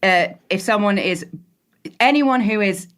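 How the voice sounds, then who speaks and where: An English woman, a podcast guest, explaining things in a measured way in casual chat, with dry asides. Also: medium pitch, a bit bright. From England.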